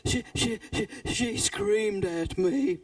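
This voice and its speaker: A woman's voice: fairly high pitch, sing-song, takes it slowly, creaky, darkish tone, no room sound, recorded from a distance, full character voice. A woman voicing a nervous, grumpy female snake in a children's story, drawn out and stammering. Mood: frightened.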